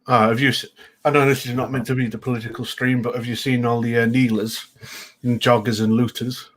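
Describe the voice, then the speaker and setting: A man's voice: medium pitch, flat delivery, fairly quick, fairly bright tone. A man who is a guest on a casual livestream, speaking bluntly with frequent swearing and short replies.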